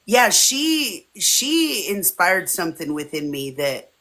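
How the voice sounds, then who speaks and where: A woman in her forties speaks slowly with a fairly low pitch, chatting casually as an interview guest from her home streaming setup. She recounts stories with animation, frequently acting out quoted friends' voices.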